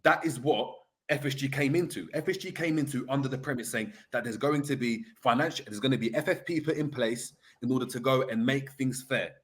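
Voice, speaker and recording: A man with a mid-pitched voice lays out his reasoning step by step in a fan debate. He stays measured and explanatory rather than heated. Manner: measured, explanatory, builds an argument. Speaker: football fan pundit.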